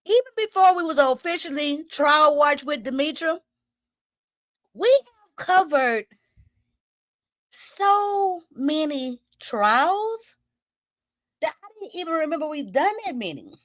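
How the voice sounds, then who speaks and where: A woman's voice: high-pitched, animated, slow pace, long pauses, a bit bright, no room sound. A woman hosting a home livestream who chats loosely with her viewers, greets them by name and laughs often, and sounds a little winded. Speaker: host of a livestream commenting on trials. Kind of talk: casual livestream chat with viewers. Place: small room at home.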